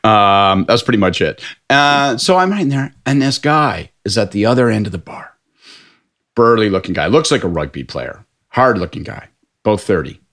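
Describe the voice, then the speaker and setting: A man from Canada, a political commentator telling a profane, animated story on a podcast panel. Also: lowish voice, normal speed. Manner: animated, profane storytelling with lots of put-on voices. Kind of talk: casual anecdote on a podcast panel.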